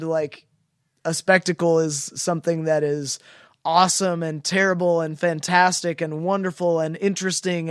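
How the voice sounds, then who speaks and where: A man co-hosting a film podcast, talking in a rambling, halting way with frequent restarts as he searches for words. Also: high-pitched, a bit bright, clear, resonant tone, no room sound, clean studio sound. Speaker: podcast co-host. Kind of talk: casual film discussion.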